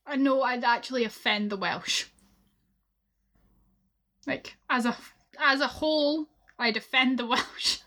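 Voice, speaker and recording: A woman's voice: high voice, measured pace, pauses often, bright, forceful tone. A young Scottish woman co-hosting a podcast, chatting casually and laughing often. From Scotland. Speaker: podcast co-host. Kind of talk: casual chat.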